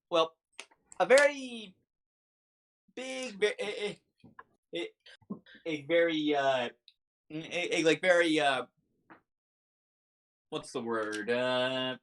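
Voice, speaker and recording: Casting: male game master, somewhat high voice, hesitant, filler-heavy narration. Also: fairly bright tone. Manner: halting, heavy fillers and restarts.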